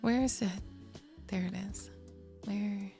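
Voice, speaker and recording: A woman's voice: mid-range voice, steady tone, takes it slowly, warm tone, faint music behind. A woman streamer chatting playfully with her live chat from a home setup, giggling and joking.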